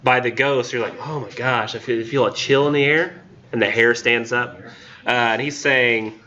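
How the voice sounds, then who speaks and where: A man's voice: medium pitch, fairly even intonation, moderate pace, bright, forceful tone, muffled recording. A man teaching a college literature class, reading poems aloud and joking casually about them. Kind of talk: recorded classroom lecture.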